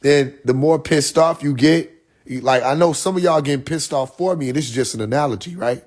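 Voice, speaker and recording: A man's voice: a little high, fairly quick. A man ranting in a casual live-stream monologue, blunt and full of profanity, acting out the people he quotes as he tells a long analogy. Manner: animated storyteller who acts out the people he quotes; heavy profanity, blunt and exasperated. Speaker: livestreamer.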